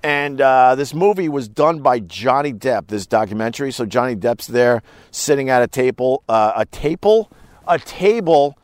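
A man's voice: mid-range voice, lively intonation, normal speed, no room sound, studio quality. Rambling, profane male podcast host. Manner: rambling, profane, wry storytelling. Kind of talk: casual live-stream monologue. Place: cold room, dry sound.

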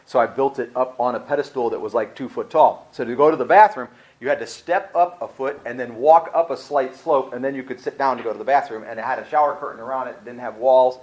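A man's voice: medium pitch, quick pace, a little mellow, muffled recording. A male pastor giving a conversational sermon, telling a personal story in a rambling, folksy way and often correcting himself as he goes. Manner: folksy, talks directly to the congregation.

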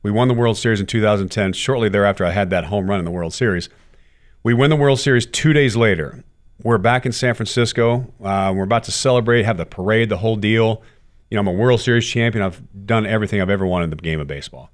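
Lower-voiced man telling candid stories. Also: fast talker. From United States. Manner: animated storyteller, curses freely, acts out quotes. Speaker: guest, former baseball player. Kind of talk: candid interview storytelling.

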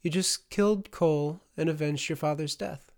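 A man voicing a sharp-tongued teenage girl in a fantasy audiobook, speaking in a huffy, sardonic way. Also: on the high side, moderate pace, creaky. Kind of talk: audiobook character voice.

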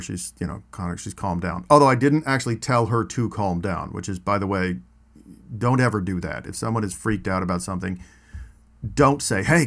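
A man with a fairly low voice tells his stories in a relaxed, conversational way. He wanders into asides and restarts his sentences as he goes. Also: vocal fry. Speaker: storyteller. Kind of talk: casual spoken storytelling.

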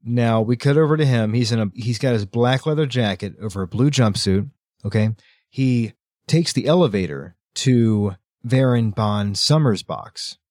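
A man hosting a podcast, retelling a story with quick, lively character voices in a casual book-club chat. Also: medium pitch, dry recording, studio quality. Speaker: podcast host.

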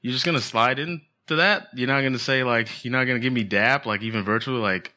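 A man's voice: mid-range voice, fast, sharp tone. A man co-hosting a podcast, chatting casually in a playful, jokey way. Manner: playful, jokey, trails off into asides. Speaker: podcast co-host. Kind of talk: joking casual chat.

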